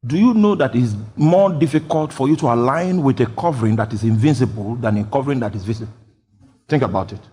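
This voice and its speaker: A man preaching a sermon, jumping from loud shouted quotations down to quiet, low explanation. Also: fast, slightly rough. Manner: bursts into loud shouted quotes, then drops low. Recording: long hall reverb.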